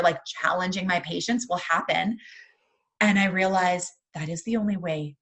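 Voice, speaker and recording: A woman's voice: medium pitch, fairly bright tone. A woman in her thirties hosts a casual podcast chat with a mid-range voice. She speaks earnestly, laughs often, and shares stories from her own life. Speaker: podcast host.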